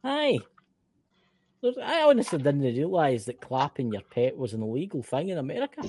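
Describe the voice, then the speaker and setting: A man's voice: fairly high pitch, normal speed, slightly rough. A Scottish man from Scotland co-hosting a podcast, chatting casually with lots of exclaiming and restarts. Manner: animated, exclaiming, many restarts. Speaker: podcast co-host. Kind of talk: casual chat.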